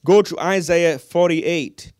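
A man's voice: fairly high pitch, slow, a little mellow, no room sound, clean studio sound. A man preaching a sermon, calling out to his congregation for amens.

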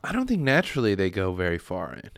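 A man's voice: low-pitched, wildly swooping pitch, quick pace, gravelly, no echo, clean studio sound. A man co-hosting a podcast, chatting casually and riffing with jokey asides. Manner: joking, riffs with silly asides. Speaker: podcast co-host. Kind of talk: casual chat.

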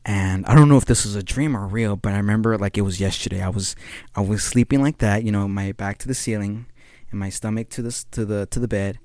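A man's voice: lowish voice, fast, darkish tone, no echo, clean studio sound. Tired young man rambling in slang. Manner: slang-heavy, rambling, laughs often. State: a little tired. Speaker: podcast host. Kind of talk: casual solo monologue.

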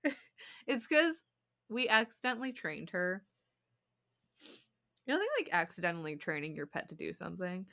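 A woman's voice: lowish voice, very animated, normal speed, creaky, pauses often, bright, forceful tone. A young woman co-hosting a podcast in casual chat, rambling with lots of fillers and giggles. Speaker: podcast co-host.

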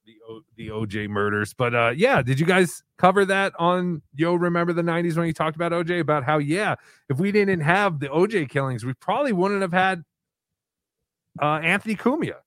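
A man's voice: fairly high pitch, expressive, fairly quick, a bit bright, no room sound. A man hosting a live stream, casually playing callers' voicemails and chatting about them. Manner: easygoing, swears casually.

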